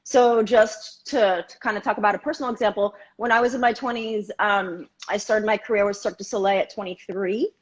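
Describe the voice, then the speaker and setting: A middle-aged woman co-hosting a live stream as a contortion coach, upbeat and giving clear advice. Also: mid-range voice, fairly even intonation, fairly quick, few pauses, muffled recording. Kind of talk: casual live-stream chat. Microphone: remote live video call.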